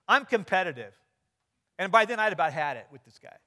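A man's voice: sits high, animated, fairly quick, pauses often, sharp tone. A middle-aged man preaching a sermon, telling stories with quoted dialogue and light humor. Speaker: pastor.

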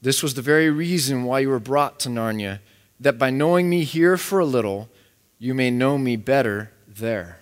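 A preacher reading as a gentle wise lion. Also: male voice, animated, close to an everyday voice. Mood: tender. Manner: slow, low, tender reading. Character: majestic gentle lion, male, wise and loving. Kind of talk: sermon read-aloud. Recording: echoey hall.

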